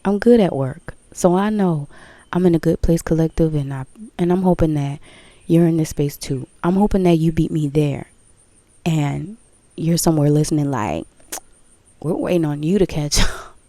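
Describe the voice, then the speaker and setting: A woman vlogger with a low, dark voice speaks at normal speed about her spiritual path, candid and emphatic. She repeats phrases, swears and laughs in this casual talk to viewers, recorded dry.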